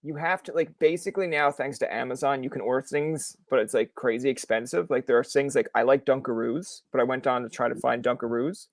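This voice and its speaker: A man from Newfoundland hosting a casual podcast chat, joking and acting out loud bits with a high voice. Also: brisk, hardly any pauses, dry recording, clean studio sound. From Newfoundland, Canada. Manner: jokey, acts out loud high-pitched bits. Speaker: podcast host.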